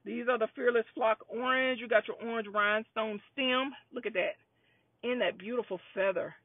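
A woman with a slightly husky voice hosts a live jewelry sale, chatty and upbeat as she calls out each lot number again and again. The sound is dry and thin, like it is coming through a phone. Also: a little high, fairly even intonation, moderate pace, dry recording, narrow, tinny audio. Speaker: live-stream jewelry seller. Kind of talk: live sales stream.

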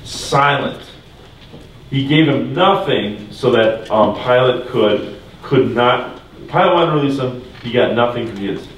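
A male religion teacher leads a Bible lesson for a class in a church room, talking casually and quizzing the group. His mid-range voice is a little slow, picked up from far off in an echoey room with slight background noise.

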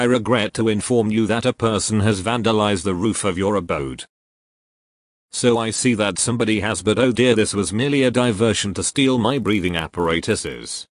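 A man's voice: on the low side, a little hiss or hum. A man dubbing short comedy sketches, speaking every line in a stiff, overly wordy, formal way. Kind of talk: comedic dub of cartoon sketches.

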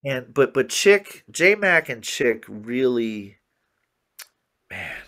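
A man in his fifties telling animated stories as an interview guest, often saying "man" and "you know" and acting out other people's words. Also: mid-range voice, slow. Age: 50s. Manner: acts out others' words in quoted dialogue. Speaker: interview guest, jazz musician. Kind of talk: conversational storytelling interview.

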